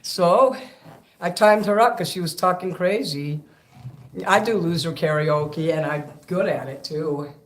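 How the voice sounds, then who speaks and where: Slow-talking aggrieved man, echoey room. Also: on the high side, fairly bright tone. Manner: rambling, profane, aggrieved. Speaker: livestream karaoke host. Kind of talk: casual livestream rant between karaoke songs. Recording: echoey room over karaoke backing music.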